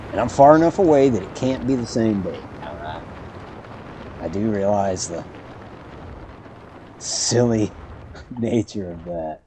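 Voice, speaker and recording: A man's voice: fairly low pitch, expressive, a little slow, long pauses, warm tone, slight background noise. A man streaming a game, telling a rambling story with dry humor and frequent self-corrections. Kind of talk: casual storytelling while streaming.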